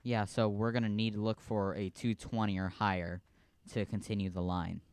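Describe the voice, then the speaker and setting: Man with a low, smooth voice. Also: little pitch movement, moderate pace, darkish tone, no room sound. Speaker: co-streamer. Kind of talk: casual livestream chat.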